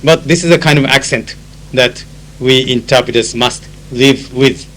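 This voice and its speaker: A Japanese-accented man who interprets at conferences records a spoken diary, unhurried and slightly bright in a mid-range voice. His anecdotes are full of fillers, and he slips into Japanese to explain phrases. The rough recording is on old tape with a faint hum.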